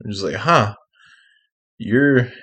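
A man in casual podcast chat, telling wry deadpan stories. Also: fairly low pitch, takes it slowly, breathy edge. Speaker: podcast co-host.

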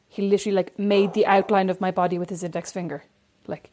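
A woman's voice: mid-range voice, fairly even intonation, quick pace, a little mellow. A middle-aged woman co-hosting a casual chat, chatty and playfully indignant. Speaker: podcast co-host.

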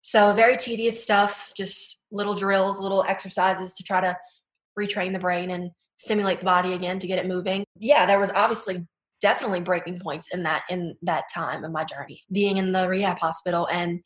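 A young adult woman in an interview, telling her story earnestly and haltingly, with many filler words. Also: on the low side, steady tone, roomy sound, rough recording. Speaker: guest. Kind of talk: personal testimony interview.

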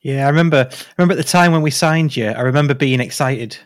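A man in his forties hosts a casual podcast interview, with a voice of ordinary male pitch. His sound is dry and close, without any room around it. He reminisces in a friendly way, stopping and restarting his sentences. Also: fast talker, no room sound. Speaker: podcast host.

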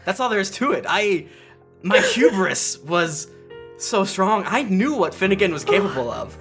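A man's voice: high voice, very animated, normal speed, a bit bright, soft background music, pitched above the performer's own voice, full character voice. A man voicing the ghost of a dead king in a tabletop game, rambling and laughing through the lines. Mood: earnest. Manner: laughing, rambling, breaks into giggles. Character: ghost of a dead male king, joking then earnest.

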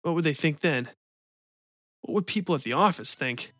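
A man hosting a podcast and reading a short story in an even, measured way. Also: a little high, soft background music. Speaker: podcast host and narrator. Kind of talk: scripted story narration.

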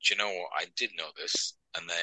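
A man's voice: low-pitched, steady tone, fast talker, sharp tone, dry recording, rough recording. A man co-hosting a wrestling podcast, chatty and joking as he rambles through match recaps. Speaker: podcast co-host. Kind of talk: casual chat.

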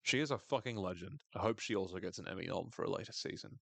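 Guy with a lowish voice doing a swear-heavy tv recap, dry close sound. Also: quick pace, vocal fry, husky, no room sound. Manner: animated, sweary and wry. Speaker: podcast co-host recapping a TV episode. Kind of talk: casual recap chat.

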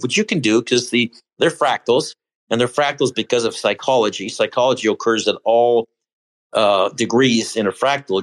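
A man's voice: mid-range voice, rough recording. A man speaking as a podcast guest, casually talking through market charts and often restarting and correcting himself mid-sentence.

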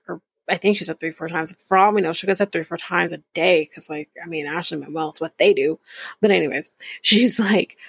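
Gravelly, foul-mouthed woman podcast host. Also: lowish voice, fairly quick, no room sound. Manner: profane, sarcastic storytelling with frequent laughs. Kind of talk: casual TV recap chat.

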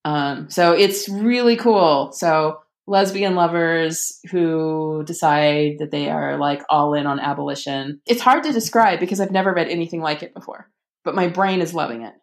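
Chatty, lowish-voiced woman author. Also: moderate pace. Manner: chatty and enthusiastic, many ums and restarts. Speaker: author and podcast guest. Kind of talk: casual conversational interview.

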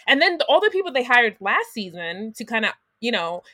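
Woman guest with a bright, lively voice, dry close sound, blunt and profane. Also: on the high side, fairly quick, dry recording. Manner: blunt, swears freely. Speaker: podcast guest. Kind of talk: casual recap chat.

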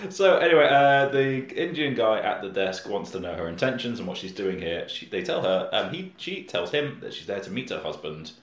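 Lively-voiced man recapping a plot. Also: fairly low pitch, normal speed, hardly any pauses, echoey room. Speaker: podcast co-host.

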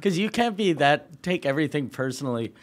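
A man co-hosting a comedy podcast, casual and quick to laugh, with loud mock voices. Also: fairly high pitch, animated. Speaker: podcast co-host.

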